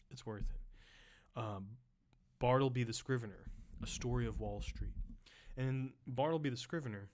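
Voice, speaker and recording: A man with a voice of middling pitch is reading a dense text aloud for a live-streamed close reading. He keeps stopping to explain it in a loose, casual way, with restarts and the odd whispered aside.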